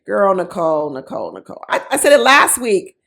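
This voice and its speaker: A woman's voice: mid-range voice, wildly swooping pitch, a little fast, creaky, a bit bright. A woman giving casual, sassy commentary on a reality show, mocking the people in it with quoted voices.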